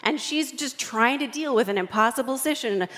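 A woman author giving an animated talk to a live audience, acting out quoted voices as she goes. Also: high voice, a little fast. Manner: expressive, acts out quoted voices. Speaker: author and guest speaker. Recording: long hall reverb.

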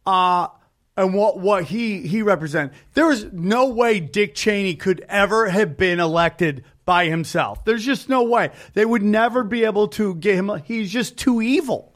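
Podcast host: high-voiced man, animated and joking, quick asides. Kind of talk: casual chat.

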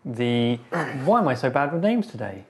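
A man's voice: mid-range voice, very animated, normal speed, darkish tone. A man speaking as a player in a tabletop game, casual and a little hesitant. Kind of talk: tabletop role-play in character.

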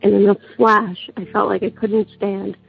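Sick woman, raspy on a phone line. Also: mid-range voice, normal speed, soft background music. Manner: steady, hesitant storytelling with fillers. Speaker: caller. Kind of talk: telling a personal story by phone.

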